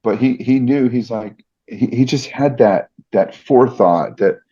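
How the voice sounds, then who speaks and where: A man's voice: mid-range voice, measured pace, husky. A middle-aged man, a podcast guest, telling stories earnestly and reflectively with many restarts. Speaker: podcast guest, fight announcer. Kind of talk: casual interview storytelling. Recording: dull lo-fi podcast audio.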